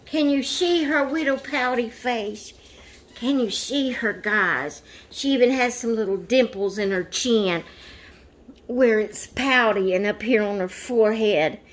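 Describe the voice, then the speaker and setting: A woman chatting in an unboxing video, often cooing baby talk at her dolls. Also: mid-range voice. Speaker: doll collector vlogger.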